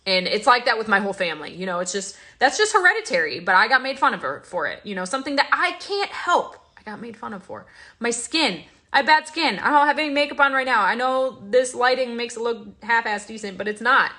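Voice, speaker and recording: A woman's voice: a little high, big pitch swings, fairly quick, pushed and bright. A young woman hosting a casual vlog, talking in an emotional, confiding way with many fillers and restarts. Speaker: host.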